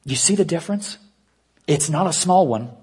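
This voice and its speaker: A man preaching an earnest sermon, dropping to a hush and slowing down to stress key points. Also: fairly high pitch, animated, breathy edge. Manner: earnest preaching with hushed, slowed emphasis. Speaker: pastor.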